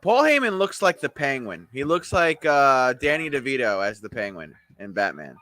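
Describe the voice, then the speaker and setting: A man with a bright, forward voice streams a live watch-along, tossing out offhand wisecracks. He chats casually with viewers in between remarks. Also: medium pitch, very animated, moderate pace, no room sound.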